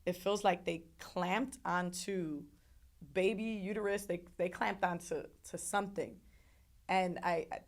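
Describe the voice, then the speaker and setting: A woman's voice: on the low side, steady tone, a little slow. A young woman telling a painful personal story as an interview guest, earnest and repetitive, sometimes acting out what others said. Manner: earnest, repeats words, acts out others' voices.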